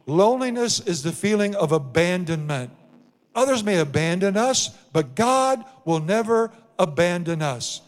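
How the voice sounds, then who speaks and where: Man preaching, high voice, lots of hall echo, leans hard on repeated lines. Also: expressive. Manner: emphatic, repeats scripture lines slowly for effect. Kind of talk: sermon. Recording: long hall reverb.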